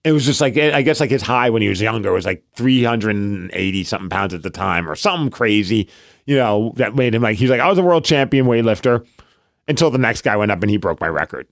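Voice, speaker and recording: Animated storytelling guy, lively pitch. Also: quick pace, gravelly, no room sound, studio quality. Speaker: podcast co-host. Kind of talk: casual chat.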